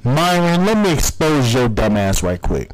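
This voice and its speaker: A man's voice: mid-range voice, big pitch swings, moderate pace, low-quality recording. Heated profane man ranting. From United States. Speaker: podcast host. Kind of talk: solo podcast rant.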